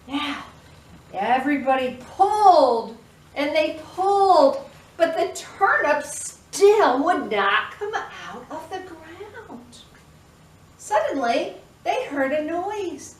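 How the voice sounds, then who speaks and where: A woman telling a storytime tale to toddlers, an expressive storyteller who makes the animal noises herself. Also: high voice, slow pace. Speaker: children's librarian. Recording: echoey room, mic at a distance.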